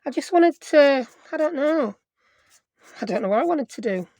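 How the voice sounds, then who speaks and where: A chatty woman talks through a craft project while she works, casual and self-deprecating. Her voice sits a little on the high side. The sound is close and dry, with no room around it. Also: lively intonation, moderate pace, darkish tone, dry recording. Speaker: craft video host.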